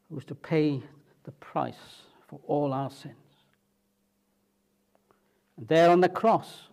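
Emphatic male preacher, fairly high voice. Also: gravelly, a little mellow. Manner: rising emphatic peaks, dropping low at phrase ends; frequent rhetorical questions. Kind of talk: sermon.

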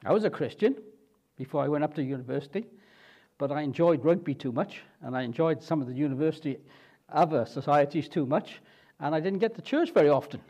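Expressive male preacher, high voice that rises and falls widely, dramatic storytelling. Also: brisk. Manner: expressive, dramatizing the scripture with repeated questions. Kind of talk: sermon.

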